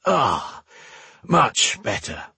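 Man doing fussy old male mage, nervous, gruff, raised husky voice, dry close sound. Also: a little high, wildly swooping pitch, slow, dry recording, pitched above the performer's own voice, heavily acted. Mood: relieved. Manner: gruff and fretful, sudden sharp outbursts.

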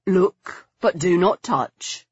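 A woman reading the part of a charming, flirtatious man keen on antiquities, in a smooth, coaxing, courteous manner. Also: high-pitched, expressive, unhurried, no room sound, muffled recording, heavily acted.

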